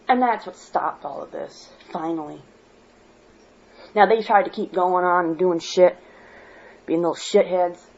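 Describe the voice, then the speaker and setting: A woman's voice: lowish voice, darkish tone. A woman from Michigan giving a worked-up personal monologue as a vlogger, blunt and swearing freely. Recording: dull lo-fi home recording.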